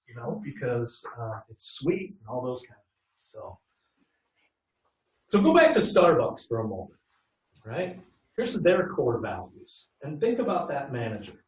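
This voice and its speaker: A man's voice: on the high side, wildly swooping pitch, moderate pace. Man leading a workshop, roomy and distant. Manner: conversational, asks the audience questions. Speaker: workshop leader. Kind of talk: customer service workshop talk. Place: training room. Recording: roomy echo from a distant mic.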